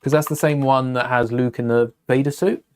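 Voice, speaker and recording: A man's voice: mid-range voice, steady tone, moderate pace, darkish tone, smooth. A young man hosting a casual live stream, chatting and thinking aloud while building, often correcting himself mid-sentence.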